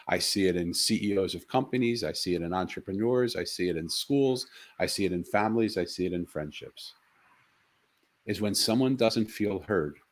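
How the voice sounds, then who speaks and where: A middle-aged man co-hosting a talk show, telling a personal story in an earnest, animated way with frequent restarts. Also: on the low side. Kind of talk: casual chat, storytelling.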